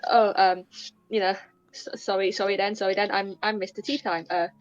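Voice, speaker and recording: A woman's voice: mid-range voice, fairly even intonation, a little fast, dry recording, muffled recording, lightly acted. Woman doing a flustered apologetic young man. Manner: stammering, flustered, over-apologetic.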